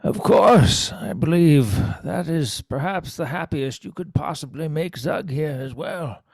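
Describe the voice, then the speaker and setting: A man's voice: a little high, animated, measured pace, no room sound. A man playing a courteous adventurer. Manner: formal and courteous.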